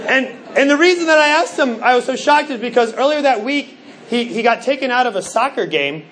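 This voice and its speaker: A middle-aged man preaching from the pulpit in a high voice. He tells stories with animation and acts out the quoted lines. A faint hum of background noise runs under the recording. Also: animated, brisk, fairly bright tone. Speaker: pastor. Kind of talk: sermon.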